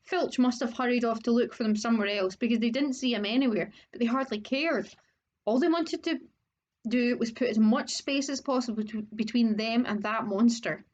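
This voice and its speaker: Woman audiobook reader, slightly high voice, steady narration, dull lo-fi recording. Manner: steady reading, occasional word slips. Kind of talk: storybook narration.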